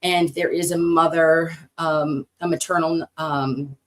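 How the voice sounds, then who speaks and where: Low-voiced American woman streamer, chatty. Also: takes it slowly. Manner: animated, swearing, talks to chat; loud excited swings high when opening gifts. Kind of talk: casual live-stream chat.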